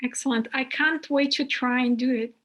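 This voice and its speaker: A woman's voice: sits high, steady tone, normal speed, a bit bright, highs cut off. A woman hosting a podcast in an upbeat, polite way, losing her voice, over a video call. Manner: upbeat, polite, laughs easily. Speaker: podcast host. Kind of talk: casual interview chat.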